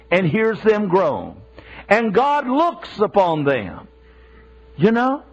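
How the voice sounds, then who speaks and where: A man's voice: sits high, muffled recording. A man preaching a sermon, emphatic and repetitive, asking rhetorical questions and stumbling into restarts.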